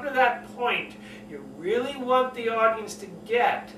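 A man with a high, bright voice coaches public speaking and earnestly repeats his key points. He keeps showing how to drop his voice low and slow it down. The recording is roomy and set back from the mic, with a faint hiss behind it. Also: animated, recorded from a distance. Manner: earnest, repetitive, demonstrates lowering and slowing his voice. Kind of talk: spoken lesson to camera.

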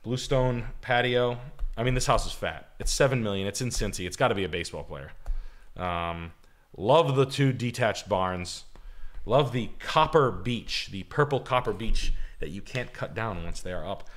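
A man with a low voice and a bright, tense edge, talking casually on a livestream. He rambles, swears freely, and tosses out blunt opinions. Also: expressive, moderate pace. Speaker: co-host.

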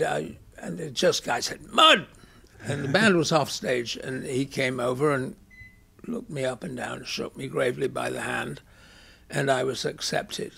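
A man's voice: mid-range voice, gravelly, fairly bright tone, breathy edge. A man in his eighties with an English accent, telling wry anecdotes as a podcast guest and acting out the lines of people in his stories. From England. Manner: anecdotal, wry, with dramatized quotes. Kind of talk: storytelling in a conversation.

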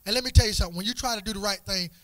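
Leading a church youth group, this man speaks playfully and casually in a high, bright, forceful voice with no echo. He trips over repeated words in quick restarts and throws questions to the young people.

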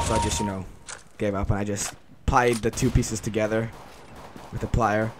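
A man giving live gameplay commentary, reacting out loud and swearing a lot as he plays. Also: lowish voice, little pitch movement, normal speed, slight background noise. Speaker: gaming channel host. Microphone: desk mic on a stand. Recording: loud gunfire under the voice. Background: shooter game gunfire.

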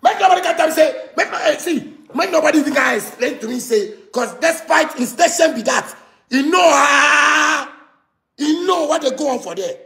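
A man with a Ghanaian Pidgin English accent delivering a heated, repetitive rant that swings from shouting to muttering. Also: extremely high pitch, animated, brisk, creaky, hardly any pauses, echoey room. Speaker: musician ranting to camera. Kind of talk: angry rant.

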